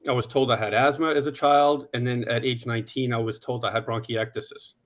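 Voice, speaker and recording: Steady-voiced man telling his story. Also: mid-range voice, a little fast. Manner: steady, plain delivery with "uh" fillers. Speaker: conference panelist. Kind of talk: personal story on a panel.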